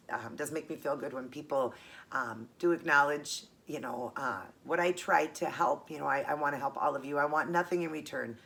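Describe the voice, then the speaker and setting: A woman's voice: deep voice, normal speed, creaky, fairly bright tone. A middle-aged woman vlogger chatting casually and earnestly as she unboxes gifts, gushing and emotional.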